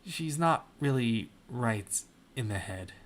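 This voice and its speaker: A man voicing a gaunt, weak older male captive who speaks slowly and softly. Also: medium pitch, expressive. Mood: weary. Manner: slow and soft-spoken.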